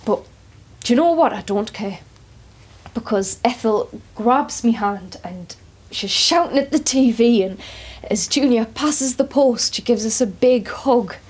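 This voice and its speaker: Husky woman telling a story. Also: fairly high pitch, a little slow. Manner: storytelling, shifting between quiet asides and excited shouting. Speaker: care worker. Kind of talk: dramatic monologue.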